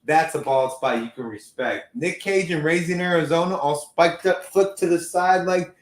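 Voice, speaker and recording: A man's voice: fairly high pitch, moderate pace, reverberant. A man from Texas in his thirties, rambling and swearing through a casual chat as a podcast host. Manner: rambling, profane, repeats himself.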